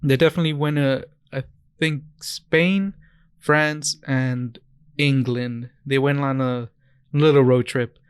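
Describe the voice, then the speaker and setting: A young man co-hosting a casual podcast, telling stories in a smooth, clear voice. He rambles and corrects himself as he goes, and the dry sound keeps him close to the mic. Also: medium pitch, fairly even intonation, slow, no echo. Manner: rambling, many restarts and self-corrections. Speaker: podcast co-host. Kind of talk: casual chat.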